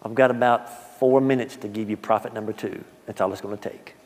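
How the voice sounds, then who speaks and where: Folksy preacher man, animated, in a reverberant church. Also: lowish voice, a little fast, slight background noise. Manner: animated storytelling, swinging from hushed asides to loud emphatic quotes; folksy, repeats words at the start of phrases. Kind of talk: sermon. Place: church sanctuary. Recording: long church-hall reverb.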